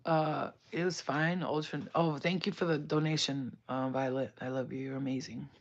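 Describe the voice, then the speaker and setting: A woman's voice: a bass voice, fairly even intonation, normal speed. New woman streamer, chatty, profane, giggly; dull lo-fi mic. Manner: laughing often, swearing, rambling. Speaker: livestreamer. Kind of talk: casual live stream chat.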